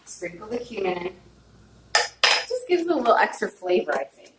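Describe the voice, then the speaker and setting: A woman's voice: medium pitch, sing-song, moderate pace. Chatty woman in an echoey kitchen. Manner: chatty, checks in with viewers with "okay?"; openly emotional. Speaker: home cook. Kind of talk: casual cooking demonstration. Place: home kitchen. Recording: echoey kitchen, distant mic, faint noise.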